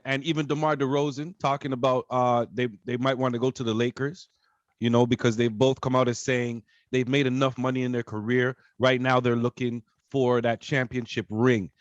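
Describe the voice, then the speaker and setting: A man from Canada co-hosting a podcast, talking casually in a rambling, animated way full of fillers. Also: mid-range voice, normal speed, dry recording, lo-fi sound. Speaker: podcast co-host. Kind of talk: casual chat.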